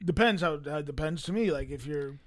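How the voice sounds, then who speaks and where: A man's voice: on the high side, fairly quick, no echo, clean studio sound. A young man co-hosting a sports podcast, making wry jokes in casual banter. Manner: wry, joking. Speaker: podcast co-host.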